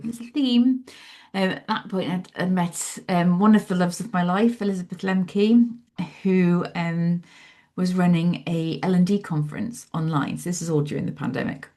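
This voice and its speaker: A woman's voice: on the low side, moderate pace. A woman, a psychologist telling her story in an interview and acting out her own past thoughts. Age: 40s. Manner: animated, acts out her own past thoughts in lively asides. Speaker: guest, psychologist and author.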